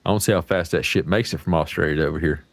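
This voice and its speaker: Folksy, low-voiced American man hosting a stream. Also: very fast, dry recording. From United States. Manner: folksy, profane and rambling. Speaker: livestream host. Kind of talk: casual livestream chat.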